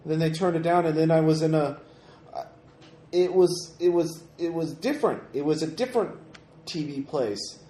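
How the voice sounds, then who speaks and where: A man's voice: a little high, moderate pace, dark tone, pitched above the performer's own voice, natural voice. A man voicing a frightened little girl who is trapped and lost, stammering and pleading. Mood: dazed, halting. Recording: echoey room, faint noise.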